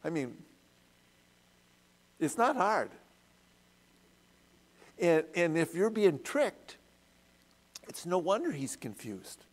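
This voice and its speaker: A man's voice: on the high side, big pitch swings. A man leading a church Bible study, retelling the story in a conversational way and asking the group questions. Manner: unhurried, conversational storytelling with acted quotes.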